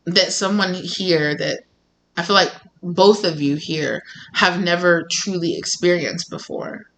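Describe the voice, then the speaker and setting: Bright-voiced woman giving a rambling tarot reading. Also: fairly low pitch, unhurried, rough recording. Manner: rambling, animated, with many fillers and acted-out quotes. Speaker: tarot reader. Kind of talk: casual spoken tarot reading.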